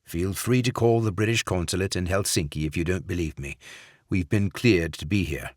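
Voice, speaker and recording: A man voicing a calm, decisive male spy who leads the team. The spy speaks in a firm, steady way. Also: sits low, normal speed, dry recording, clean studio sound, close to an everyday voice.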